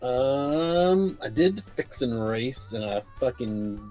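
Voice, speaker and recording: A man's voice: mid-range voice, expressive, slow, a little mellow, faint music behind. Casual, swearing tabletop player man. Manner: casual, swearing, thinks aloud. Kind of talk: tabletop game play.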